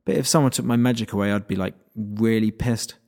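A man's voice: on the low side, steady tone, brisk, a little mellow, close to an everyday voice. A man doing a cheeky, sarcastic schoolgirl. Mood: casual. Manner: casual and sarcastic. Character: bold, cheeky teenage schoolgirl.

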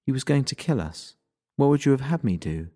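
A man's voice: mid-range voice, sing-song, brisk, dark tone, pitched above the performer's own voice. A man voicing a grim young woman fighter who speaks bluntly and formally. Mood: stern. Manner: formal and blunt, without contractions.

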